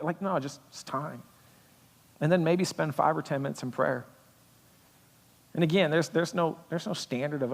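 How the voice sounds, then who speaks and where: A man preaching a sermon as pastor in a church, talking conversationally and building to loud intensity. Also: on the high side, normal speed, creaky, in a large hall. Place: church auditorium.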